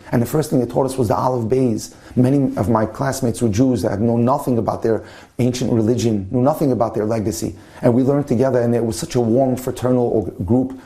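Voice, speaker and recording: Mellow-voiced man telling a story. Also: mid-range voice. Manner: passionate, dramatic storyteller. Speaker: rabbi and lecturer. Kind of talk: storytelling lecture.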